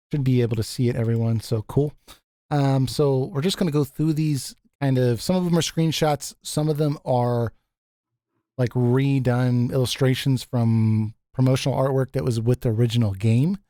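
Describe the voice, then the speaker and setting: A man with a deep voice hosting a casual gaming podcast, rambling and thinking aloud with lots of fillers. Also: mellow, no echo, clean studio sound. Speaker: podcast host.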